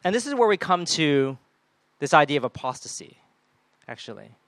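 A man preaching a sermon in a lively way, often acting out the people and voices he quotes. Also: fairly high pitch, normal speed, dry recording. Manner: animated, acts out quoted voices.

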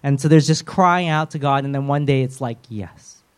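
A man preaching a sermon in a casual, animated way, acting out prayers and quotes in shifting voices with humorous asides. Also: medium pitch, brisk, smooth.

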